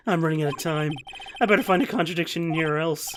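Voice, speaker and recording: A man's voice: on the high side, normal speed, long pauses, background noise. A man from New York giving goofy, joking commentary over a game and laughing often. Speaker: let's play streamer. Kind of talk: casual gameplay commentary.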